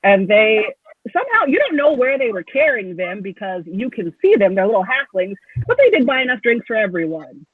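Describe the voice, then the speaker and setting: A woman's voice: on the high side, very animated, brisk, breathy edge, no echo. A woman narrating as game master of a tabletop game in a loose, rambling way. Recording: tinny phone-like line.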